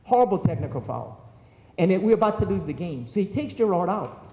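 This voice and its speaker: A man's voice: high voice, expressive, quick pace, dull audio, noisy background. Man telling stories in an echoey church. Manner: storytelling, acting out quoted voices. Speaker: eulogy speaker. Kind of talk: eulogy with anecdotes. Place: large church. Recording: echoey hall from far off.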